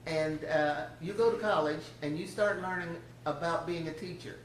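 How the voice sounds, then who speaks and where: A woman's voice: low voice, moderate pace, a little hiss or hum, lightly acted. An older woman quoting a firm, protective father who reassures his daughter. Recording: roomy, distant church sound.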